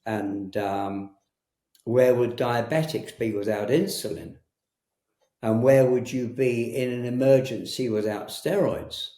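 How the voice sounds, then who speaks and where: A man talking as a guest in a conversational interview, hesitant and full of pauses and restarts. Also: mid-range voice, mellow. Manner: hesitant, frequent ums and restarts. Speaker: herbalist guest. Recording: roomy echo.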